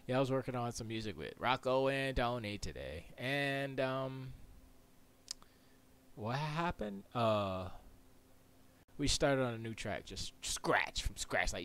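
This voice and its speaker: A man's voice: lowish voice, expressive, moderate pace, fairly bright tone. A man chatting casually on a live stream from his music studio, rambling and slipping into mumbled near-whispers and nonsense rhymes.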